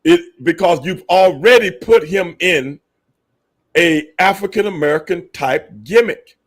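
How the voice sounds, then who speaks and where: A man's voice: high-pitched, unhurried. A man co-hosting a podcast, arguing his point emphatically with a lot of swearing and repetition. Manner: emphatic, profane, repeats points. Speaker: podcast co-host. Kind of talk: casual podcast debate.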